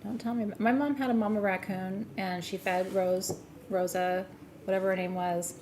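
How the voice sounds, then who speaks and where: A woman's voice: medium pitch, moderate pace, a little hiss or hum. A woman hosting a live gem sale, chatting casually and telling funny stories as she sells. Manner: animated, joking storyteller, laughs often. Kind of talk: casual chat and product selling.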